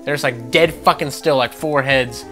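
A man's voice: medium pitch, normal speed. A man hosting a gaming news vlog, ranting with sarcastic, profane exasperation. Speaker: gaming channel host. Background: background music.

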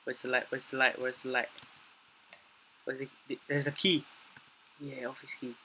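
Casting: young male gaming YouTuber with a bright, clear tone; jittery, stammering play-by-play that jumps into panicked repeats. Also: medium pitch, flat delivery, normal speed, slight background noise. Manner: jumpy, panicky reactions with frequent swearing and repeated phrases; mutters to himself, stammering restarts. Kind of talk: gameplay commentary.

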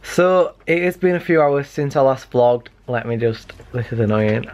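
A man's voice: mid-range voice, animated, moderate pace, darkish tone, highs cut off. A young man with a slight lisp from a retainer, rambling in a casual bedroom vlog at night. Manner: chatty, rambling, self-mocking. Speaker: vlogger.

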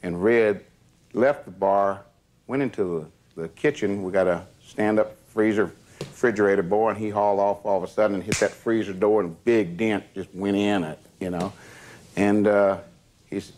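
An older man, recalling old times in a plainspoken, steady way. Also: on the low side, moderate pace. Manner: plainspoken, steady, fills with "you know". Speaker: former entourage member telling stories. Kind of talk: casual storytelling.

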